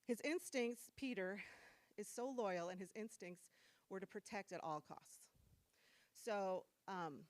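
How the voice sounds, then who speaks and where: Middle-aged woman preacher from New Jersey: chatty, animated, dry close sound. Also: medium pitch, slow, no echo. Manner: animated, self-deprecating, laughs often. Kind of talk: casual storytelling sermon. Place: church room.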